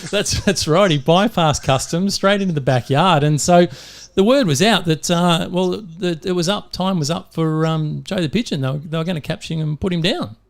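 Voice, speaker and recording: A man's voice: fairly high pitch, moderate pace, creaky, hardly any pauses. A man with an Australian accent hosting a podcast, chatty and upbeat, laughing easily. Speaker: podcast host. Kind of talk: casual chat.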